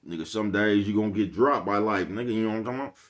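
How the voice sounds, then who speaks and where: A very low-voiced vlog host speaks very fast in a rambling, profane pep talk to his viewers. He wanders between life lessons in street slang, constantly asking "you know what I'm talking about."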